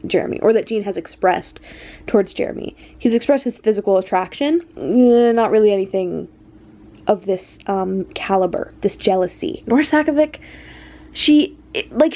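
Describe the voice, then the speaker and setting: Speaking straight into her camera mic, a young woman vlogs excitedly about a book she's reading, gushing, flustered and saying "like" constantly. Her voice sits on the high side with a warm tone.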